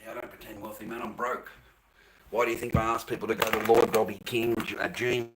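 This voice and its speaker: A man's voice: fairly low pitch, little pitch movement, fast, a little hiss or hum, poor audio. An Australian man livestreaming from home, ranting bluntly and profanely at his chat. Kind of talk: casual livestream rant.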